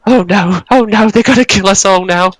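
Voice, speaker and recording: A man voicing small, timid goblin captives in a tabletop game, speaking in a squeaky, pleading, panicky way. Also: moderate pace, no room sound, natural voice. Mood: frightened.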